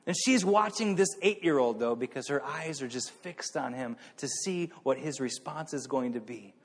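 A man preaching a sermon, telling a story in an animated way that swings between hushed and excited. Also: mid-range voice, moderate pace, in a large hall.

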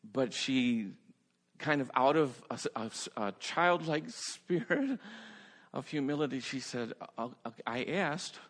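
A male pastor preaches in a large hall, and a long reverb trails after each phrase. His pitch sits in the middle range. He tells his stories with animated energy, often laughing and repeating words as he starts a sentence. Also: slow. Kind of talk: sermon storytelling.

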